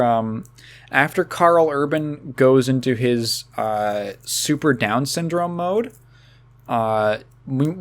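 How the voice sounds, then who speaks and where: A man co-hosting a casual podcast, rambling with halting restarts, frequent laughs and swearing. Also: medium pitch. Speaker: podcast co-host.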